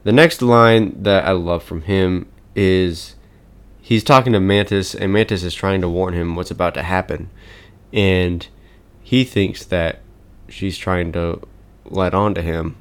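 Male podcast host, deep voice, casual chat, eager, chuckles a lot, plenty of ums. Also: steady tone, unhurried. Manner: enthusiastic, chuckles often, frequent fillers.

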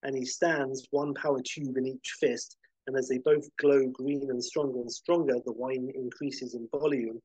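Husky man pitching a film scene. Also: little pitch movement, normal speed, warm tone, no room sound, low-quality recording. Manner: rambling, many fillers and restarts, vivid scene-by-scene description. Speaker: podcast host pitching a film. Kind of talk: casual storytelling pitch.

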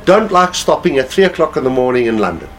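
A man's voice: medium pitch, fast, soft background music, low-quality recording. A man casually telling a long anecdote as a guest, laughing often as he talks. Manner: animated storyteller, laughs while talking.

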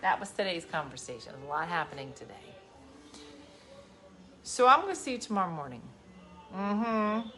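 Woman, forties, livestream host, casual storytelling, loud bursts and hushed asides, slightly low voice. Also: very animated, normal speed, long pauses, soft background music. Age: 40s.

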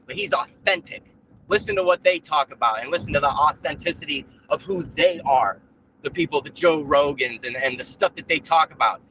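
A man with a fairly high, pushed, bright voice rants while chatting casually on a live stream, rambling with lots of fillers and restarts and putting on mocking voices when quoting. He's on his own mic in a remote call, with a rough recording and slight background noise.

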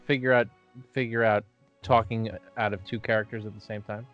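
Male podcast co-host, lowish voice, wry teasing tone, dull lo-fi dry recording. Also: level tone, brisk, soft background music. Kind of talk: casual podcast chat.

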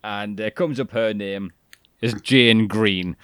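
A man's voice: fairly low pitch, slow pace, a bit bright, smooth, dry recording, studio quality. A young man, co-hosting a podcast in casual chat, rambling, laughing and swearing. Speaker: podcast co-host.

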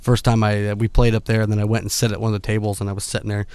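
A man's voice: lowish voice, rapid-fire, clean tone, dry recording. Laughing man telling band stories. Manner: animated storyteller, laughs often. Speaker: musician guest. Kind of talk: casual chat.

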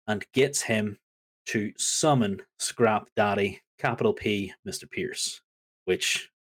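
A man co-hosting a podcast, recapping a wrestling show in casual chat with playful asides. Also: fairly low pitch. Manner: animated storytelling with playful asides.

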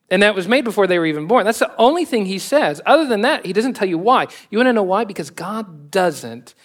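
Male Texan pastor, fairly high voice, casual joking sermon delivery with punchy rhetorical questions. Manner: conversational, joking, laughs often, animated emphasis.

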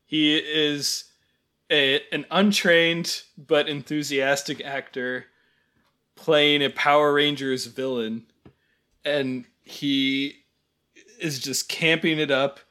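A man's voice: a little high, fairly even intonation, slow pace, sharp tone, smooth. A man co-hosting a podcast, giving wry, rambling movie critique and laughing often. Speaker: podcast co-host. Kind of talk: casual chat.

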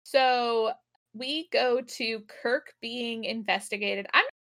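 A woman's voice: on the high side, slow, a bit bright. A woman co-hosting a casual chat podcast, recapping an episode, laughing often and acting out the characters' lines. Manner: laughs often, acts out quotes. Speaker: podcast co-host.

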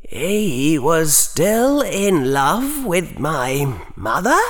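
A man's voice: on the high side, big pitch swings, drawn-out words, fairly bright tone, no room sound, clean studio sound, pitched above the performer's own voice, exaggerated voice. A man voicing a clever, awkward young boy wizard in an audiobook, stammering with frequent "uh"s. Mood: rueful.

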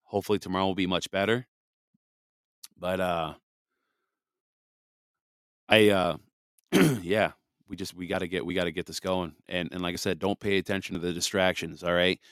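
A man with a very low voice that comes across hoarse and raspy from a lingering illness, yet still smooth and resonant underneath. He hosts his podcast in a fervent, folksy way, close and dry on the mic. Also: fairly even intonation, normal speed, long pauses, no room sound. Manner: fervent, folksy, laughs often. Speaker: podcast host. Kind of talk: casual podcast talk with prayer. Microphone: headphones and studio mic.

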